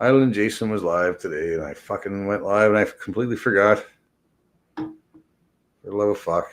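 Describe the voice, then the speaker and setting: A man's voice: fairly low pitch, moderate pace. A man reacting to online clips in casual, profane commentary, a bit mumbled, laughing and swearing often. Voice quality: slightly mumbled speech.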